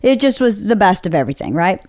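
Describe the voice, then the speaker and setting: A woman's voice: medium pitch, sing-song, quick pace, darkish tone, no room sound, clean studio sound. A woman hosting a podcast, telling a story in casual chat with lots of swearing and acted-out quotes. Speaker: podcast host.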